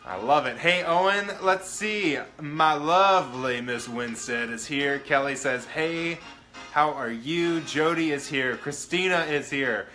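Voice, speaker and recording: A man's voice: on the high side, unhurried, pushed and bright, reverberant, soft background music, poor audio. A man hosting his own live-stream show, chatting casually and greeting viewers by name in an upbeat way. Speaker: livestream show host.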